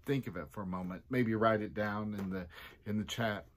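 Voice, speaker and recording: A man's voice: normal speed, a little hiss or hum. A man who is a pastor, giving a casual devotional talk in a chatty way and acting out quotes with sudden jumps in his voice. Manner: chatty, acts out quotes with big pitch jumps.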